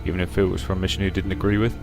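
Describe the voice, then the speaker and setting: A young man playing a sci-fi visual novel, reading out every character's lines with shifting pitch and loudness. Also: little pitch movement, racing, vocal fry, music in the background. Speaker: game let's-player.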